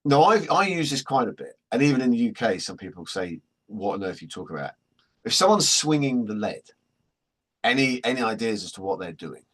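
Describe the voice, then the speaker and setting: A man with a husky voice, presenting a workshop in a chatty, joking storytelling way. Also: medium pitch, very animated, a little fast, a bit bright. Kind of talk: anecdotal workshop talk.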